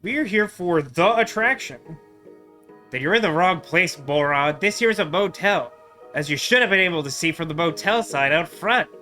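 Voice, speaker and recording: A man voicing a rude, grumpy male motel manager from a pixel-art adventure game, with gruff, slangy, sarcastic talk. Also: a little high, expressive, normal speed, bright, forceful tone, soft background music. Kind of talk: let's play voicing of game text.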